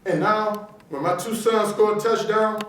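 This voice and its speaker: A middle-aged man with a notably high voice delivers a punchy, emphatic motivational speech. He tells stories and jokes with his audience. He is picked up from a distance, and the sound rings through a large, very echoey auditorium. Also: steady tone, unhurried, fairly bright tone. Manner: punchy, emphatic, joking with the crowd. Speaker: motivational speaker. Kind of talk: animated motivational storytelling speech.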